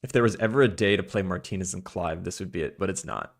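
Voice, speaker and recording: A man with a Long Island accent rambles and chuckles as he streams a game. His voice sits very low with a rough, gravelly edge. He talks with his viewers in an easy, casual way. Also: fast. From Long Island, New York. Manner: chatty, rambling, chuckles while talking to chat. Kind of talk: casual chat while gaming.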